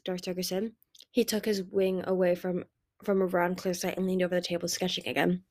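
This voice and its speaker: A woman reading a fantasy novel aloud in a steady manner, with occasional restarts. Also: on the low side, fairly quick. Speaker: audiobook reader.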